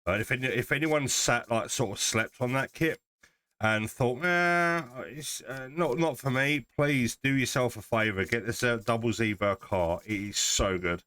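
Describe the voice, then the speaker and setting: Building a model kit on his livestream, a man from southern England rambles casually and keeps restarting sentences. He speaks at a medium pitch and moderate pace, sounding a bit bright.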